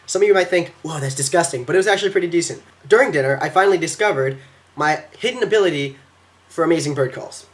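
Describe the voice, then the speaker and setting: A teenage boy telling a quick, excitable vlog story about a trip, slipping into silly voices when quoting people, recorded at his computer. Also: a little high, background noise. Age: teens. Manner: fast, excitable, acts out quotes in silly voices. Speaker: exchange student vlogger.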